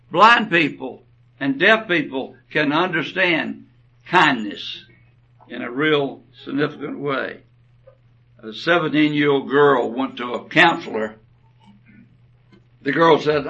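A man preaching a sermon, telling stories slowly and deliberately, his phrases often trailing off softly. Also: fairly high pitch, lively intonation. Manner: slow, deliberate storytelling with soft trailing phrases. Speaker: pastor. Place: church. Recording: dull, distant church recording.

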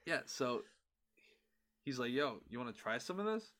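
Bright-voiced man telling a rowdy story. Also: mid-range voice, moderate pace. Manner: animated, profane storyteller who acts out quotes. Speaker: podcast co-host. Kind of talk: casual storytelling chat.

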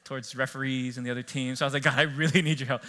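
Fast, bright-voiced pastor preaching. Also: male voice, mid-range voice. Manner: animated, conversational storytelling with laughs and asides. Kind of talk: sermon. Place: church.

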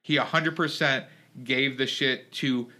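A man's voice: mid-range voice, fairly even intonation, unhurried, pushed and bright. A man co-hosting a podcast, casually recapping a reality show in a wry, exasperated way, acting out quoted lines. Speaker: podcast co-host.

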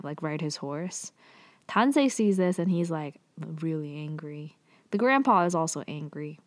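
A woman's voice: on the low side, no echo. A woman casually recapping a TV drama's plot, full of "like" and "um" fillers and offhand asides.

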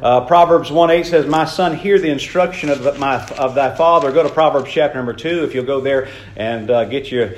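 Folksy preacher in an echoey room. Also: male voice, mid-range voice, a little hiss or hum. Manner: folksy, conversational, repeats key phrases slowly. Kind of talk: sermon.

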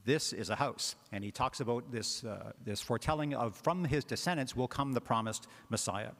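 A man's voice: mid-range voice, fairly quick, fairly bright tone. A man, a parish priest, giving a conversational homily with frequent filler words. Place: church. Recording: long church reverb.

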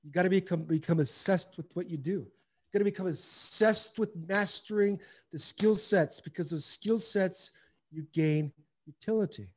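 Middle-aged guy with a pretty high voice, talks earnest and fired up, keeps repeating lines to hammer them home. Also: normal speed. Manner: earnest, impassioned, repeats phrases for emphasis. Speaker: guest, former pro baseball player. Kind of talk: candid interview storytelling.

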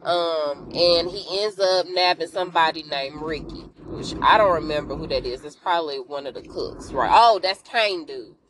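A woman hosting a podcast, telling an episode recap in a casual, animated way and calling out to listeners, with emotional exclamations. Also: low-pitched, normal speed, few pauses, a crowd in the background, poor audio. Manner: animated storytelling, addresses listeners with "y'all".

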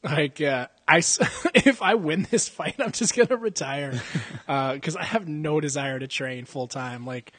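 A young man with a somewhat high, husky voice rambles through crude stories on a podcast, swearing constantly and breaking into laughter. The sound is close and dry. He is talking casually at an indoor jiu-jitsu gym. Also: unhurried, fairly bright tone, no echo. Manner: profane, rambling storyteller who laughs often. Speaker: podcast co-host. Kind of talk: casual chat. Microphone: podcast mic.

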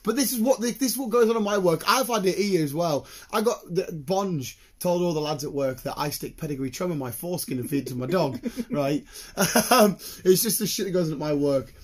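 Husky, laughing man in his late twenties. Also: high voice, lively intonation. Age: late 20s. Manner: laughing, rapid storytelling, swears freely. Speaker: construction worker. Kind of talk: casual podcast chat.

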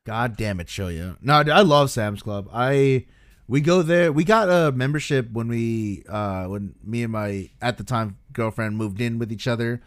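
A man's voice: mid-range voice, a little slow, no echo, studio quality. A young man co-hosting a casual podcast chat, enthusiastic and swearing casually. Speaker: podcast co-host.

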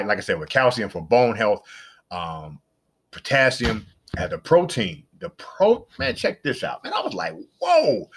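Hyped up middle-aged guy rambling on his podcast, keeps repeating stuff, gets real excited. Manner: excitable, jumps to high-pitched exclamations; repeats himself, rambling and chatty. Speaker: podcast host. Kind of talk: casual solo podcast talk.

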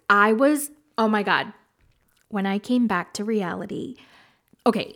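Podcast host, female, mid-range voice, casual storytime chat, animated and frank. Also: mid-range voice. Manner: animated, candid, swears freely.

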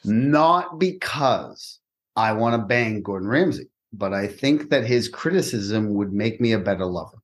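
A man's voice: fairly low pitch, unhurried. A man from Massachusetts, a comedian guest, telling profane stories in casual podcast chat. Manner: animated storytelling, profane.

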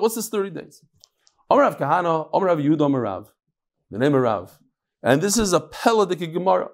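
A man with a slightly high voice teaches Talmud in a casual way. He tells stories with lively swings in his voice and mixes jokes into the lesson. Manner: animated storytelling, lively shifts in pitch.

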